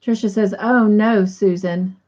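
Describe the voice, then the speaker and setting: A woman's voice: medium pitch, steady tone, measured pace, a little mellow. A woman hosting a casual livestream, reading viewer comments aloud and leading a short prayer. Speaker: livestream host. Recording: dull lo-fi stream audio.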